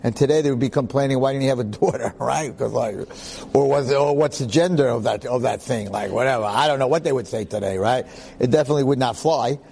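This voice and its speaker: A man giving a storytelling lecture in an animated, joking, conversational way. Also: mid-range voice, fast, gravelly, hardly any pauses, slightly rough. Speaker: Jewish lecturer.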